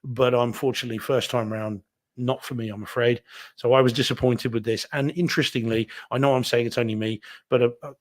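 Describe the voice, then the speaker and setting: A man, co-hosting a live home theater show and giving a candid, rambling film opinion with many restarts. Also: medium pitch. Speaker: podcast co-host reviewing movies. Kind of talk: casual live-stream chat.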